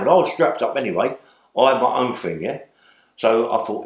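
A man's voice: mid-range voice, expressive, a little fast. Older guy rambling thru a story, keeps saying yeah?, roomy sound. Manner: rambling, tag questions like "yeah?". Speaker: interview guest. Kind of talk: storytelling in a sit-down interview.

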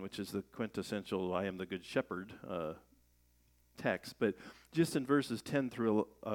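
Conversational man preaching a sermon. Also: on the low side. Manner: conversational, rhetorical questions, rising emphasis. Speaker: pastor.

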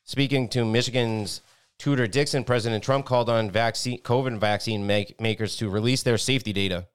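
A man's voice: mid-range voice, steady tone, fairly quick, clean tone. A man co-hosting a podcast, reading news articles aloud with blunt, profane asides and stumbling over a few words as he reads. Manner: blunt, profane asides between read passages. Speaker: podcast co-host.

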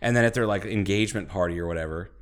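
A man's voice: sits low, rapid-fire. A man co-hosting a casual podcast, telling rambling, profane stories and slipping into quoted voices. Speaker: podcast co-host. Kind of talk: casual chat.

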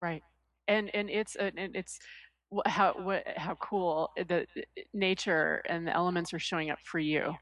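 A woman chatting casually, animated and expressive. She brings people to life in her stories, switching her voice for each of them. The sound is dry and close, with no room around it. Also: on the low side, moderate pace, no room sound. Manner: animated storyteller who acts out quoted voices. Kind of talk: casual conversational chat.

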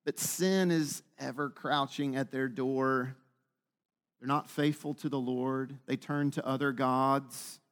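A man preaching a sermon, teaching with frequent rhetorical questions to the room. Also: mid-range voice. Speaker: pastor.

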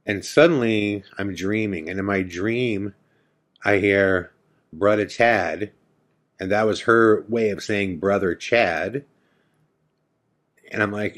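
A deep-voiced man recounts a personal experience on his podcast. He slips quoted dialogue into his narration as he tells it. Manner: retelling the scene with quoted dialogue, many "I'm like" asides. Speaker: podcast host. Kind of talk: personal storytelling.

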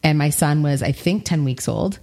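A woman's voice: low-pitched, lively intonation, normal speed, mellow. A woman in her thirties, co-hosting a casual podcast and telling stories candidly, with plenty of fillers. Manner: candid, chatty storyteller with frequent fillers. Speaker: podcast co-host and founder.

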